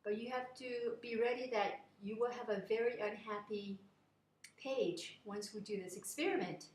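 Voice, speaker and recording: Court sage, calm and cautionary, as a woman telling the story puts him on; everyday voice, roomy sound. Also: sits high, a little hiss or hum, natural voice. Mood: cautioning. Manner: measured, warning. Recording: echoey room.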